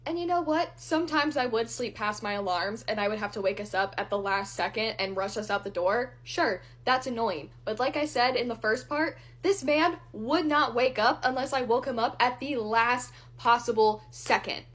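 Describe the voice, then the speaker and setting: A woman's voice: fairly high pitch, moderate pace, few pauses, a bit bright. A young woman vlogger telling a personal story in a candid, blunt way while doing her makeup, with the odd swear word.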